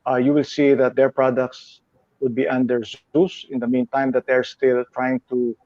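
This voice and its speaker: A man's voice: mid-range voice, level tone, normal speed, dark tone, no echo, lo-fi sound. A man with a Filipino accent, a company head being interviewed, explaining his business earnestly and mixing English with Tagalog. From Philippines. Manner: earnest, explains at length with fillers and laughs easily. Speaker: company president and CEO, interview guest.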